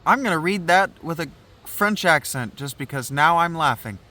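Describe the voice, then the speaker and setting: A man's voice: a little high, expressive, normal speed, sharp tone. A man hosting a podcast, breaking off a reading for wry, chatty asides with fillers. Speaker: podcast host reading a play. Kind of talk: casual aside while reading.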